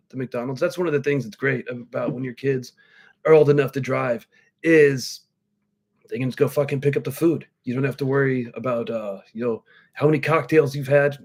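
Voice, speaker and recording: A man in his forties hosts a live podcast stream, his medium-pitched voice darkish in tone. He sips a cocktail while telling loose, profane, rambling stories in casual chat.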